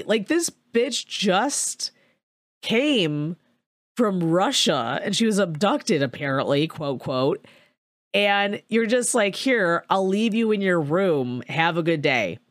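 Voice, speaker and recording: A woman's voice: mid-range voice, slow pace, no room sound, clean studio sound. A young woman recapping a movie in casual chat, swearing freely and acting out the characters' lines. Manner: profane, filler-heavy storytelling with animated quoted voices.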